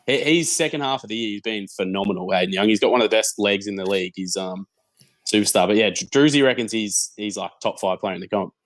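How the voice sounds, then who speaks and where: A young Australian man, a podcast guest, chatting casually and telling animated stories, often repeating words as he goes. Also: fairly low pitch, fast talker, dry recording. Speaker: guest, football content creator.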